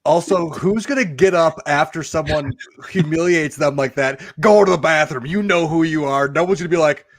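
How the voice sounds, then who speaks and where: A man's voice: on the high side, normal speed, dry recording. A man co-hosting a podcast, joking and laughing through loose banter. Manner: joking, laughing, mock announcements. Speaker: podcast co-host.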